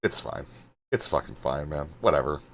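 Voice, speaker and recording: A male streamer answers his chat live, bright-toned and swearing freely. He sounds fed up, his voice swinging high and low, and his remarks trail off into mutters. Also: lively intonation, moderate pace, a little hiss or hum. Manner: exasperated, swearing, muttering asides.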